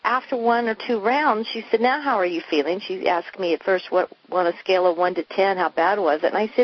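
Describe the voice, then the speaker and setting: A woman's voice: mid-range voice, fairly quick, few pauses, husky. A woman, a coach, telling her personal story candidly and earnestly, acting out the dialogue of the past. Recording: muffled lo-fi recording.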